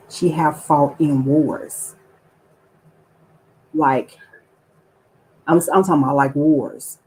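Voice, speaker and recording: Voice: mid-range voice, darkish tone, husky, low-quality recording. A livestream host giving casual commentary, ranting with profanity and repeated rhetorical questions, and greeting viewers by name between points.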